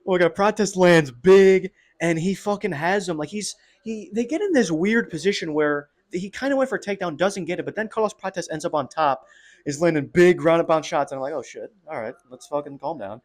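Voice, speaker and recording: A young man giving a casual, excitable fight breakdown, full of slang and swearing. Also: high-pitched, fairly quick. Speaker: MMA commentator.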